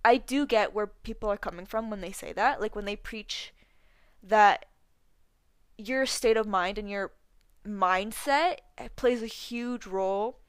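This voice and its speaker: Her voice is mid-range, a little slow, and clear with a resonant tone, recorded with no room sound. The speaker, a twenty-one-year-old solo podcast host, chats casually with a slight lisp, leaning heavily on likes, ums, and other fillers.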